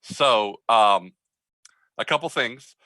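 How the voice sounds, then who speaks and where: Bright-voiced game master, halting speech. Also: male voice, lowish voice, no echo, low-quality recording. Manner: halting, many fillers, friendly. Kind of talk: running an online tabletop game.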